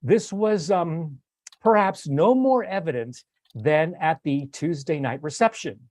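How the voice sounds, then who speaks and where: A man's voice: a little high, animated, unhurried, no room sound. Older man hosting, dry close voice. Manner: warm, rambling, many fillers and restarts. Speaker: host. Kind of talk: casual recap talk on a video stream.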